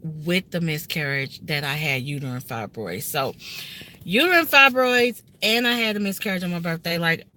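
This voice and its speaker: Bright, earnest woman in her thirties. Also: fairly low pitch, expressive, normal speed. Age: 30s. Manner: earnest, emotional, often addresses viewers directly. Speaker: vlogger telling a personal story. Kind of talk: casual heartfelt story time. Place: inside a car.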